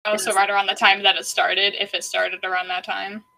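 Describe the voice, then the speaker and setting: A woman's voice: mid-range voice, little pitch movement, vocal fry, pushed and bright, low-quality recording. A young woman co-hosting a casual podcast call, asking questions and tossing in jokes. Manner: quick jokey interjections and questions. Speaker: podcast co-host. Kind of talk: casual chat among friends. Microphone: own mic on an online call.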